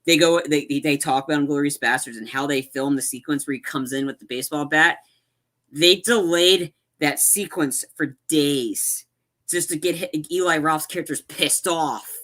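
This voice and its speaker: Bright-voiced man rambling about movies. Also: a little high, normal speed. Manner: rambling, many fillers and restarts. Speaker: podcast co-host. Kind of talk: casual movie chat.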